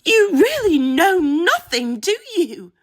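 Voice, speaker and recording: A woman voicing a grieving young woman who cries out, shrill and anguished, in an audiobook reading. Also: sing-song, slow pace, exaggerated voice. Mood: furious. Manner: shrill, cries out in anger and despair.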